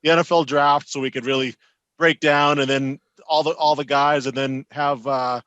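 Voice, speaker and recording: A man's voice: a little high, steady tone, normal speed, a bit bright, smooth, dry recording, highs cut off. Rambling male sports podcaster. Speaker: podcast co-host. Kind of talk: casual sports chat.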